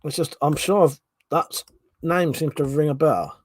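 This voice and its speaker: A livestream host from Buckinghamshire, England, chats casually in a fairly high voice at a measured pace. He reads out viewer comments, laughs a lot and swears freely.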